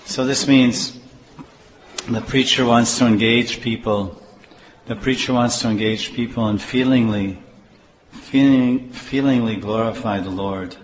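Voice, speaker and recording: A man giving a slow scripture class as a preacher, repeating phrases and acting out little dialogues. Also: medium pitch, fairly even intonation, a little hiss or hum. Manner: slow, repetitive, acts out dialogue. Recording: echoey hall with faint ambience.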